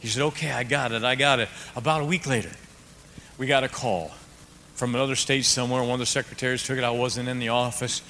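Animated pastor in a big echoing hall. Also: male voice, mid-range voice, fast talker, a little hiss or hum. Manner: animated storyteller, swings from hushed to shouting. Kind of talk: sermon with storytelling. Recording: reverberant hall with faint ambience.

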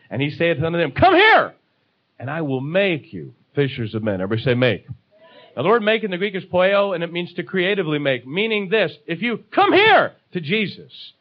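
A man's voice: on the high side, muffled recording. A man preaching a sermon, emphatic, repeating key phrases and calling for responses from the congregation.

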